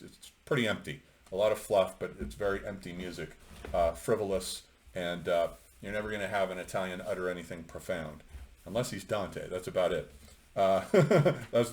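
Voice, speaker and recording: A middle-aged man giving an unscripted, opinionated commentary on a novel, talking in a rambling way with many fillers. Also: low voice. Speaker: lecturer on literature.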